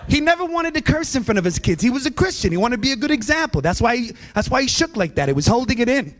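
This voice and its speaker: A man doing stand-up comedy at a church, animated and quick to slip into impressions of his family. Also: extremely high pitch, slight background noise. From US East Coast. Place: church hall.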